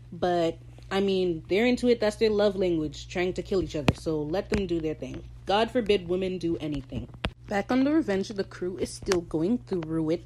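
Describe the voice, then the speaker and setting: A woman hosting a casual podcast episode recap, animated and slangy, swearing freely and laughing between lines. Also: lowish voice, noisy background. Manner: laughs while talking. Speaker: podcast host.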